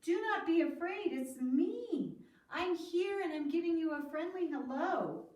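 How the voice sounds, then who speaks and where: A calm, kind teacher figure who comforts and reassures, as a woman voices him. The voice stays light and high. It sounds distant, in a roomy space. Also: a little slow. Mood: friendly. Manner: gentle, comforting. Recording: echoey room, far from mic.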